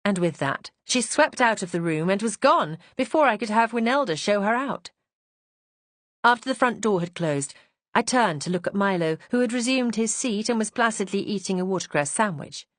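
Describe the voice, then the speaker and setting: A woman narrating a first-person audiobook mystery in a composed, expressive manner. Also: mid-range voice, normal speed, no echo.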